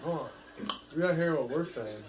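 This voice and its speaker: A man's voice: on the high side, lively intonation, moderate pace, background noise. Sarcastic man needling in an echoey room. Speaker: family member in an argument.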